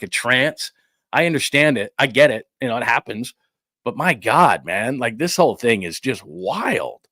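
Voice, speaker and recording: A man hosting a sports talk show, ranting in a rambling, incredulous way and acting out quick quotes. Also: medium pitch, fairly bright tone, dry recording, studio quality. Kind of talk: live-stream sports talk, reading supers.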